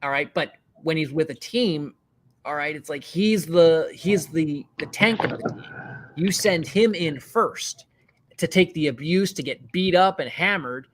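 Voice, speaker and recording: A man's voice: on the high side, measured pace, a bit bright, a little hiss or hum. A man streaming, talking casually and rambling about his tabletop character, swearing now and then. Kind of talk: casual chat.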